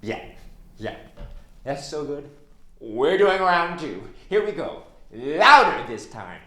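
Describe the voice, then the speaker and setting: A man telling a story to his viewers, slow and deliberate, with a voice that swings widely in pitch. He talks playfully and expressively and sometimes breaks into song-like chants. The room is echoey with a faint ambience underneath. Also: big pitch swings, fairly bright tone. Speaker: storyteller and teacher. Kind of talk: storytelling with audience participation. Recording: roomy echo, faint ambience.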